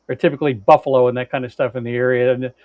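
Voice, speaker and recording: A man's voice: medium pitch, flat delivery, rapid-fire, dry recording. A man co-hosting a podcast, casually telling a long road-trip story with lots of fillers and restarts and some blunt swearing. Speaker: podcast co-host. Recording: dry, dull lo-fi sound.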